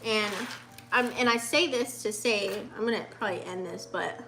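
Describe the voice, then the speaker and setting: A woman's voice: mid-range voice, normal speed, fairly bright tone, faint music behind. A woman in her late thirties giving a casual, profane, heartfelt pep talk in a spiritual vlog, with many fillers. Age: 30s. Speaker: vlogger.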